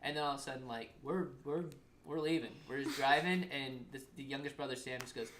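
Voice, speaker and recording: A young adult telling a story in casual podcast chat, animated, acting out quotes, swearing freely and saying "like" constantly. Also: medium pitch, a little fast, slight background noise.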